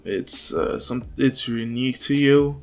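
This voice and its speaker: A man voicing an anxious, excitable teenage boy in a fan-made story, stammering in a high voice. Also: a little slow, natural voice. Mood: baffled.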